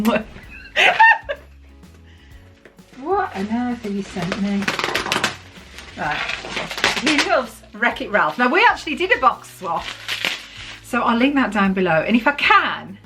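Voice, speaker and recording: A middle-aged English woman from the UK, chatting warmly and emotionally as she opens a parcel for her vlog. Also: fairly low pitch. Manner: chatty, gushing, emotional, laughs often. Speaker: vlogger. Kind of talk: casual chat while opening a parcel.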